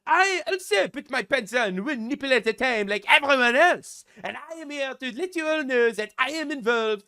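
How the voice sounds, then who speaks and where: A man's voice: extremely high pitch, animated, moderate pace, sharp tone, clear, resonant tone, voice pushed up, exaggerated voice. A man putting on a mocking impression of a pompous, self-important male French leader.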